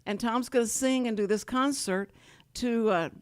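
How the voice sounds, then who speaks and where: A woman's voice: a little high, moderate pace. A woman from Houston hosting a talk show, rambling and laughing often as she chats with guests. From Houston, Texas. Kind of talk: casual chat. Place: radio studio.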